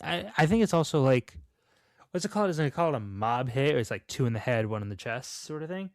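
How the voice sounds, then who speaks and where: A relaxed young man talks over a movie on a podcast, asking questions and chiming in with agreement. His voice is dry and close, recorded with little room sound. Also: mid-range voice, quick pace, no room sound. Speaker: podcast co-host. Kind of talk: casual movie discussion.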